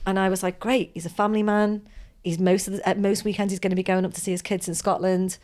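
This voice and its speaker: A woman's voice: mid-range voice, level tone, fast, a little mellow. A woman hosting a podcast, telling a long story in a chatty, rambling way with many asides. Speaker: podcast host. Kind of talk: casual storytelling chat.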